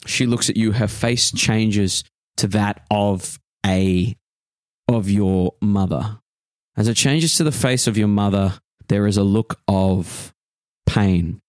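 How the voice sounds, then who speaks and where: A man narrating as game master of a tabletop game, describing a dream slowly with pauses. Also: on the low side, darkish tone, dry recording.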